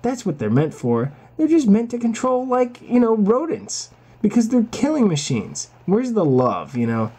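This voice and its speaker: Husky, lively man ranting casually. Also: high voice, normal speed. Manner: exasperated, crude, repetitive. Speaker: vlogger.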